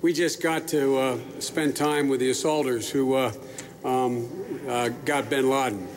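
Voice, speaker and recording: A man's voice: mid-range voice, steady tone, unhurried. An older man giving a public speech to troops from a podium microphone, folksy and rambling, with asides and restarts. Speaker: speaker addressing troops. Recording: echoey large hall with faint noise.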